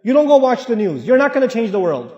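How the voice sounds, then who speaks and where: A man with a high voice preaches a lively sermon and acts out family quarrels in other voices. His words ring around a large, echoey mosque hall with a long reverb tail. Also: quick pace, muffled recording.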